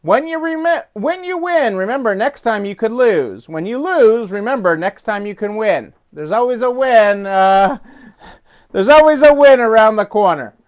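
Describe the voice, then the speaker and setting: A chatty middle-aged man hosts a weekly business update with a high, smooth and resonant voice. He rambles through his points with fillers and restarts, chuckling along the way. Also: animated, moderate pace, highs cut off. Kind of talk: casual unscripted talk.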